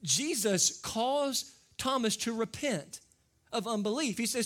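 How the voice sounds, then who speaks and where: A man's voice: extremely high pitch, expressive, unhurried, a bit bright. A man pastor preaching a conversational sermon to his congregation. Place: church service with a congregation.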